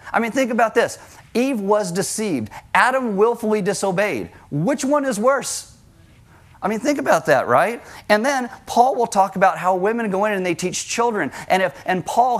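A man teaching a sermon, explaining scripture and its cultural background with rhetorical questions and emphatic repetition. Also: on the high side. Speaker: preacher.

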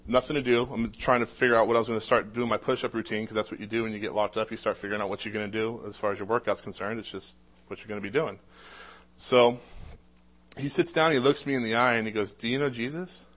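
A man's voice: on the low side, fairly even intonation, fast talker, a bit bright. A man telling his own life story in casual, conversational speech, with frequent "uh" fillers and restarts. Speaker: speaker sharing a personal testimony.

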